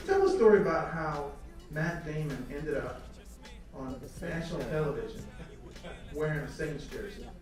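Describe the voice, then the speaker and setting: A man interviewing a guest, asking quick playful quiz questions with stammering repeats. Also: a little high, far from the mic. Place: film festival event. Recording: echoey, off-mic, music behind.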